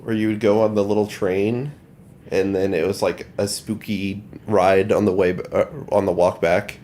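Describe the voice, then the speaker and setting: A man's voice: fairly low pitch, level tone, moderate pace, dark tone, a little hiss or hum. A man co-hosting a casual book podcast, tossing in offhand facts and teasing jokes. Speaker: podcast co-host.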